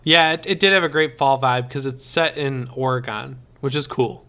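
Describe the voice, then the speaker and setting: A man's voice: medium pitch, moderate pace, bright, forceful tone, clear, resonant tone. A man co-hosting a podcast, chatting casually, swearing and laughing easily. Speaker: podcast co-host. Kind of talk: casual chat.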